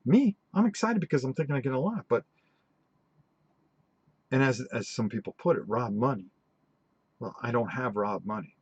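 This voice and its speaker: Man, middle-aged, husky voice, lively swooping pitch, rambling live-stream host. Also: normal speed, pauses often, dry recording, dull audio. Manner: rambling, animated storytelling with many restarts. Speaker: host of a tabletop gaming channel.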